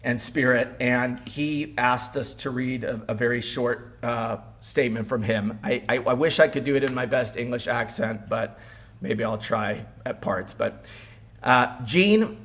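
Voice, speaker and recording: A man's voice: mid-range voice, fairly even intonation, unhurried, fairly bright tone. A man giving a eulogy at a funeral home as the son-in-law, speaking with wry humor and some stumbles.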